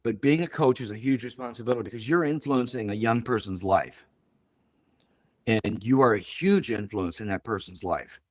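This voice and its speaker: A man in his seventies, a guest on an interview, tells stories in a mid-range voice at normal speed, animatedly acting out quoted dialogue. There is no room sound on the recording.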